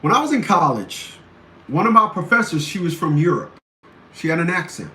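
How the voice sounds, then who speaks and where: Bright, forceful and very animated, this slightly high-voiced man rants at a moderate pace as a show host. His commentary is blunt and combative, driving points home through repeated phrases, against a roomy echo and faint background noise.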